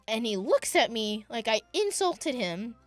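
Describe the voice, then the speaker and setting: A young woman vlogger animatedly retelling a work story to camera, with dramatic pitch jumps. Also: very animated, measured pace, no room sound, soft background music.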